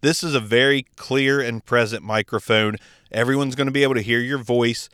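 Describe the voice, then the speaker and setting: Speaking close into a dynamic mic, a man gives a chatty, opinionated and enthusiastic tutorial on podcast gear. His medium-pitched voice is steady, brisk, a little bright, clear and resonant, and the recording is dry.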